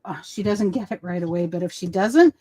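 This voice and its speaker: A woman's voice: on the low side, fairly quick, warm tone. A woman co-hosting a casual crafting livestream, chatting over a video call and telling stories, often switching into cooing baby talk for her dog. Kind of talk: casual chat.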